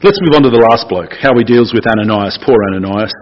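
A man's voice: medium pitch, quick pace, highs cut off. A man giving a casual, chatty sermon and asking the congregation questions. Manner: chatty and playful, asks the room questions. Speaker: preacher.

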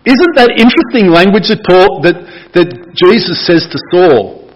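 A man's voice: high voice, lively intonation, moderate pace, lo-fi sound. A man giving a casual, chatty sermon and asking the congregation questions. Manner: chatty and playful, asks the room questions. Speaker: preacher.

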